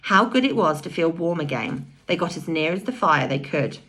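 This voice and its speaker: A woman reading a children's novel aloud with expressive storytelling. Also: deep voice, normal speed. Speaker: audiobook reader.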